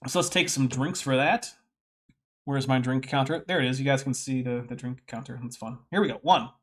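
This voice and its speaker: A man's voice: medium pitch, brisk. A man hosting a casual commentary stream, reading text aloud with wry, sarcastic asides. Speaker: host.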